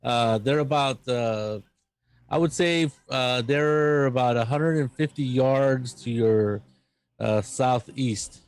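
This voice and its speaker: A man narrating as game master of a tabletop role-playing game, halting and full of fillers. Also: medium pitch, smooth. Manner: halting, filler-heavy narration with quick voices for NPCs.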